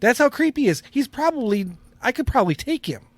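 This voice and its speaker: Lively high-voiced man chatting on a podcast. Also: fast talker. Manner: rambling, laughs often, restarts. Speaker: podcast co-host. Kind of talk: casual podcast chat.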